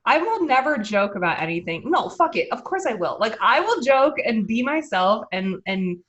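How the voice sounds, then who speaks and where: An animated woman co-hosting a casual podcast, her voice sitting a little high and swinging widely in pitch. She laughs often and swears freely as she talks. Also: moderate pace, highs cut off. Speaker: podcast co-host. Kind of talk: casual chat.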